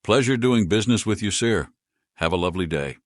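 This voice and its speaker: A man's voice: on the low side, expressive, a little fast, no room sound, studio quality, pitched above the performer's own voice, natural voice. A man voicing a good-humored male enchanter who runs a shop, speaking easily and wryly. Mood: friendly. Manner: easygoing, wry.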